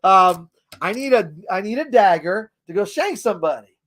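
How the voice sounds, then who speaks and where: A man's voice: high voice, lively intonation, moderate pace, a bit bright. A man hosting a casual tabletop game tutorial, explaining the rules in a rambling way and chuckling often. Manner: rambling, chuckles often, trails off while searching.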